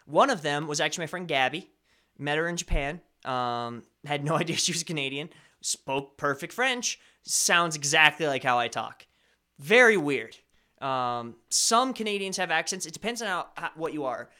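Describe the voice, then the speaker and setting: Stream host, man, slight Colorado accent, tense bright tone, rambling casual chat, pitched a bit high. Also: animated, moderate pace. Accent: slight Colorado American. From Colorado, USA. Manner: rambling, self-correcting, chatty. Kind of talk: casual chat answering viewer chat.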